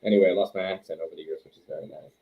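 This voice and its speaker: This wrestler and trainer from Quebec, Canada, in his thirties, talks rapid-fire in a low, fairly even voice. As an interview guest he spins casual, rambling stories that poke fun at himself, heard through a thin, phone-like connection.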